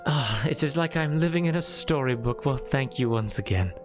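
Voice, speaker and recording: A man voicing a calm, refined elf woman who speaks in a formal, genteel way. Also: a bass voice, normal speed, loud music behind the voice. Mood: gracious.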